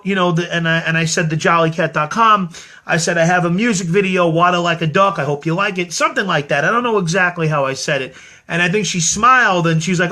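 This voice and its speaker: A man's voice: on the high side, fairly quick, sharp tone. A middle-aged man telling a story in a casual, rambling monologue, earnest and full of restarts and quoted lines. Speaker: host of his own show.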